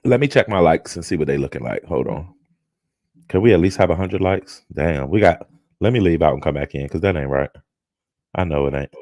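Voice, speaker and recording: Animated, profane male livestream host. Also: sits low, brisk, no echo. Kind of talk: casual livestream commentary.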